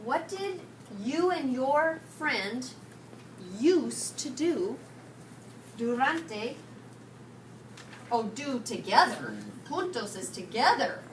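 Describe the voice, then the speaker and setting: A woman teaching a high school Spanish class, questioning her students and mixing English with Spanish. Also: expressive, extremely slow, pauses often. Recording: distant mic, noisy classroom.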